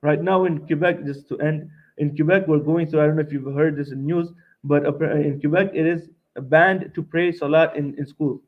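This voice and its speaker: A man's voice: fairly high pitch, steady tone, normal speed, narrow, tinny audio. A young man from Montreal giving a seminar lecture, speaking emphatically, repeating his points and tagging them with "right?". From Montreal, Canada.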